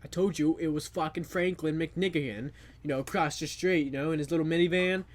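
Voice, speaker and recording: A man hosting a reaction video, talking over a story with crude, rambling, loud jokes. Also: fairly high pitch, fairly even intonation, fairly quick, over music. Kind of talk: profane comic commentary.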